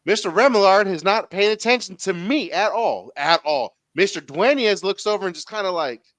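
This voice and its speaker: A man's voice: high-pitched, lively intonation, normal speed, fairly bright tone, dry recording. A man in his thirties with a Southern Californian accent telling a story as a podcast host, casual and profane, acting out the people he quotes.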